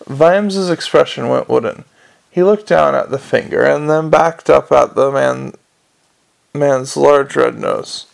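Gravelly, wry male storyteller. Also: medium pitch, measured pace. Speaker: audiobook narrator. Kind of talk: scripted narration.

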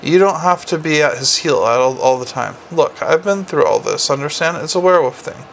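A man's voice: fairly high pitch, expressive, moderate pace, gravelly, fairly bright tone, slight background noise. A man voicing a prying, coaxing young vampire policewoman in an audiobook. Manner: probing, coaxing.

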